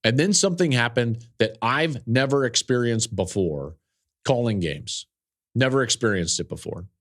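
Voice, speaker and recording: A man's voice: medium pitch, animated, normal speed, a bit bright. A man hosting a podcast, telling a story in an earnest, emotional way with fillers and repeated phrases. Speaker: podcast host and football analyst.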